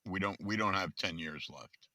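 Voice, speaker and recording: A man co-hosting a casual political chat, grave and emphatic in a gloomy way. His voice is low and very forceful, with a hard, tense edge. The sound is dry and close. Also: moderate pace, no echo. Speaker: podcast co-host.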